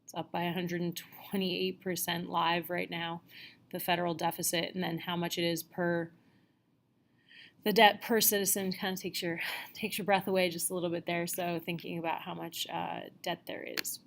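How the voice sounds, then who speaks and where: A woman teacher talking through a lecture over slides in a relaxed, conversational way, with plenty of fillers and restarts as she explains. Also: lowish voice, moderate pace, gravelly. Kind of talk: casual narrated slide lecture.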